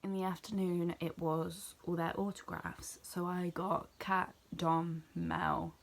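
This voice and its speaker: A young woman from near Bristol with a West Country English accent, chatting excitedly and rambling as she recaps an event in a vlog. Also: on the low side, slow pace, vocal fry. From England. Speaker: vlogger. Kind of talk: casual chat.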